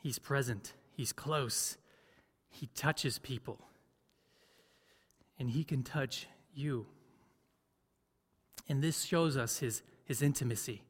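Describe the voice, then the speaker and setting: A man's voice: medium pitch, takes it slowly, pauses often, breathy edge, big-room sound. A man preaching a sermon as pastor, conversational, often asking the congregation questions. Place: church.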